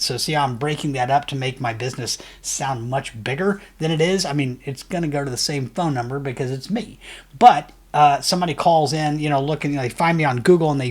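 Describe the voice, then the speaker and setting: A man who runs an agency, talking casually through a software tutorial with upbeat, rambling speech and frequent fillers. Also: medium pitch. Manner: loose, rambling, many fillers and restarts; enthusiastic, says "really cool" often. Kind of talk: casual screen-share tutorial.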